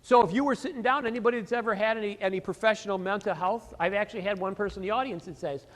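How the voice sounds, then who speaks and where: A man giving a sales training seminar, animated and full of rhetorical questions he answers himself. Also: high-pitched, fast, in a large hall. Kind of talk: seminar lecture.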